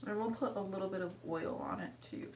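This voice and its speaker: A woman talks quickly in a darkish voice while walking through her hair routine as a vlogger, chatty throughout and sweetly high-pitched when addressing her dog. The low-quality recording has a distant mic with a little hiss or hum.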